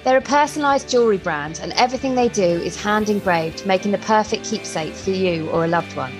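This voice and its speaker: A woman's voice: mid-range voice, fairly quick, over music. A woman co-hosting a podcast, chatty and giggly, joking at her own expense over a video call. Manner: chatty, giggly, self-deprecating. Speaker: podcast co-host. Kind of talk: casual chat.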